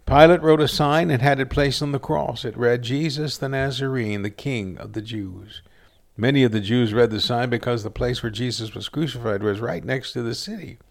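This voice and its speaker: A man reading a scripture passage aloud in a steady, earnest storytelling manner. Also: medium pitch, a little fast, creaky, hardly any pauses. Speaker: scripture reader.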